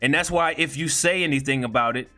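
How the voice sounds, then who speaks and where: Blunt, indignant man with a bright voice. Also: fairly high pitch, a little fast, soft background music. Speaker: video commentator. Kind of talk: heated commentary vlog.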